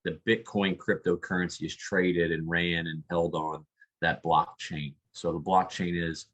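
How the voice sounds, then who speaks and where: A man's voice: low voice, level tone, unhurried, fairly bright tone, lo-fi sound. A man in his forties, a sales executive guest on a webinar, explaining things casually and patiently with frequent restarts.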